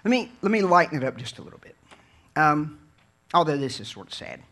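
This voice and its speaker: A man from Virginia preaching a sermon in an earnest, conversational way, dropping low and quiet and then building to fervent peaks. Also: sing-song, brisk. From Virginia, USA. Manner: conversational storytelling with repeated words and restarts.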